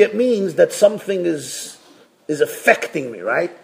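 Rabbi guy preaching, slightly high voice, lively storyteller, acts out bits. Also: measured pace, creaky. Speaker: rabbi giving a Torah class. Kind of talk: sermon.

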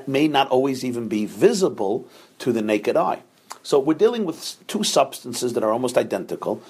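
A man a husky, slightly breathy voice gives a Torah lesson. He speaks, moving patiently through each point and stopping to ask his listeners "right?" His pitch sits in an ordinary middle range for a man. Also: a little mellow. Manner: explains step by step, often checking with 'right?'. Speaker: Torah teacher. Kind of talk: Torah class lecture.

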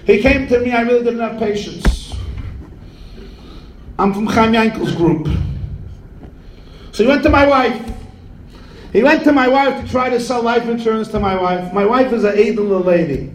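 High-voiced man telling jokes in a sermon. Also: moderate pace, pauses often, reverberant, rough recording. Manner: storytelling with jokes and Yiddish words. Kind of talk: humorous sermon with anecdotes.

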